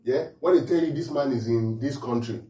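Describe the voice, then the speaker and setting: A man's voice: medium pitch, a little fast, roomy sound, far from the mic, low-quality recording. A man preaching a humorous sermon, laughing often and checking in with his listeners. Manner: animated, laughing often, asks the audience questions.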